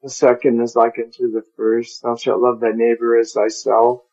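A man's voice: mid-range voice, completely flat delivery, moderate pace, warm tone, dull audio. A man teaching a Bible study, carefully sounding out Greek words and chuckling at his own stumbles over hard terms. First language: English.

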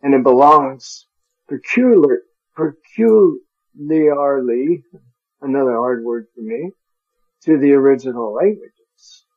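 A man's voice: medium pitch, expressive, takes it slowly, breathy edge, muffled recording. A man teaching a Bible study, carefully sounding out Greek words and chuckling at his own stumbles over hard terms. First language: English.

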